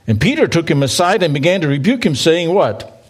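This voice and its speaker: A man preaching in a church, his voice sitting a little high for a man. He reads scripture aloud and pauses so the congregation can join in. His delivery is conversational, with playful asides to the listeners. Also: very animated. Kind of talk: sermon.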